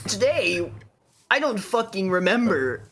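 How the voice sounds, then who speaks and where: A woman's voice: medium pitch, big pitch swings, measured pace, fairly bright tone, a little hiss or hum. A woman doing an impression of a chipper male video host opening his show. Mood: mock-announcer. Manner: mock-enthusiastic announcer delivery.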